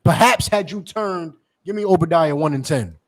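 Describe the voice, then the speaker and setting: Man with a slightly raised pitch, as a fiery street preacher; heated, mocking, profane. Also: normal speed, slight background noise. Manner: heated, mocking, profane, calls for scripture readings. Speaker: preacher and teacher.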